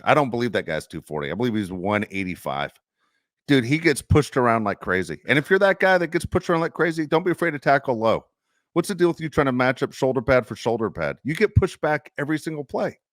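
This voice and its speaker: A man rants about his team on a football podcast, exasperated and animated. His pitch leaps and dives as he vents. The sound is dry and close, with no room around it. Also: quick pace, dry recording. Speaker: podcast co-host. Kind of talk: casual sports chat.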